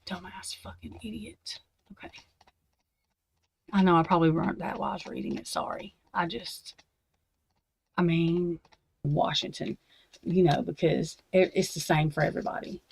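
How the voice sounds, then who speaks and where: A woman's voice: lowish voice, steady tone, moderate pace, creaky, darkish tone. Cursing, fuming woman. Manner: angry, profane ranting. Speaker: true crime commentator. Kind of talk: reacting to documents on a livestream. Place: at a desk at home.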